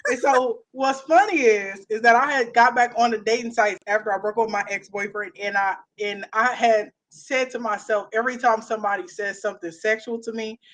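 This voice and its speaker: A woman co-hosting a casual chat show, talking in an animated, emphatic way and repeating her phrases. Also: a little high, brisk, hardly any pauses. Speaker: co-host.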